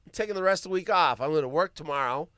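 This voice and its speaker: A man's voice: on the high side, racing, smooth, no echo, clean studio sound. A man hosting a live stream, riffing on news stories with wisecracks and swearing. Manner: animated and wisecracking, swears freely. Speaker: livestream host. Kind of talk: casual live-stream commentary.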